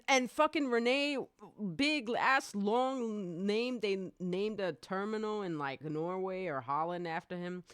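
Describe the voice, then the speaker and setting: A podcast host in their forties, chatting excitably on a live stream, rambling, laughing often and swearing freely. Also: medium pitch, smooth, no echo, clean studio sound.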